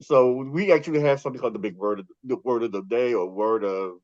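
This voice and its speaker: A man with a New York accent, a podcast co-host being interviewed, telling stories in a lively way and laughing often. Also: mid-range voice, quick pace, dry recording, highs cut off. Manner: animated storyteller, laughs often. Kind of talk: casual interview chat.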